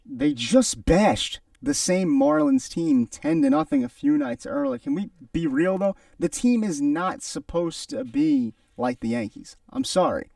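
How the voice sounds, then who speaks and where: A man's voice: sits high, sing-song, a little slow, vocal fry, hardly any pauses, darkish tone, no room sound, studio quality, distant mic. A young man co-hosting a sports radio show, giving emphatic, opinionated analysis.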